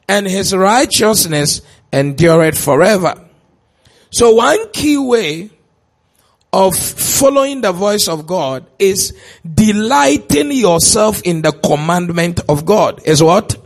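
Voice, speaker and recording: A man preaching a sermon in a church, stretching out shouted lines for emphasis and putting questions to the congregation. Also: high voice, big pitch swings, slow.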